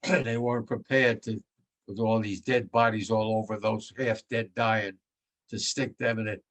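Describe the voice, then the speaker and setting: Unhurried and steady, this American man in his nineties recounts his World War II service with bluntness and vivid detail. When he's moved, his voice sinks low and soft.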